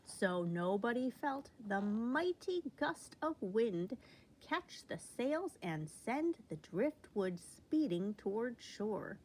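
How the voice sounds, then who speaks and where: A woman reads a children's picture book aloud with unhurried, careful pacing. Her voice sits fairly high and she shapes each sentence expressively for young listeners. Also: slight background noise, rough recording. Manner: slow, expressive reading. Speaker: storybook reader.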